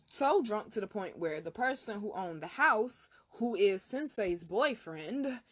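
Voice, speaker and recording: A woman's voice: medium pitch, a bit bright. A young woman hosting her own channel, telling a personal story in a casual, emphatic, profane way. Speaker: vlog host, spiritual reader.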